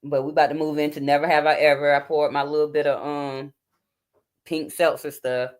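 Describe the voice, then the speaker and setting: A woman's voice: low voice, little pitch movement, fairly quick. A woman in her forties hosting a casual livestream from home at night, chatting informally and talking straight to her viewers. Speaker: livestream host. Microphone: phone or webcam.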